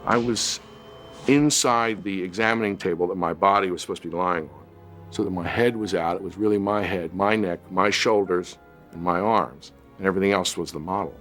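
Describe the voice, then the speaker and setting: Male actor interviewee, deep voice, reflective anecdote, light music bed. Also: brisk, fairly bright tone. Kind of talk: documentary interview recollection.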